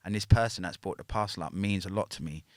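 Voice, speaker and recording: A man's voice: deep voice, fast, darkish tone, dry recording. A man, a podcast guest telling a story in casual talk, packed with slang and tags like "yeah?" and "innit". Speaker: podcast guest, former prisoner.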